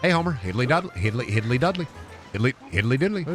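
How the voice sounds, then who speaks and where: A man's voice: mid-range voice, sing-song, fast, faint music behind, natural voice. A man impersonating a chirpy, folksy cartoon neighbor, rattling off sing-song nonsense syllables. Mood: goofy. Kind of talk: comic voice impression.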